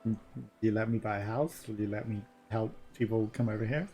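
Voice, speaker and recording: A man's voice: on the low side, a little fast, mellow, soft background music. A man giving casual let's play commentary, joking crudely, laughing often and talking back at the game.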